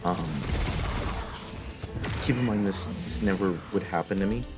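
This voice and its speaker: Young male streamer, very low voice, rambling and profane, game music behind. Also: measured pace. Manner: rambling, profane, mock-philosophical storytelling. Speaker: live streamer. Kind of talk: casual chat while gaming.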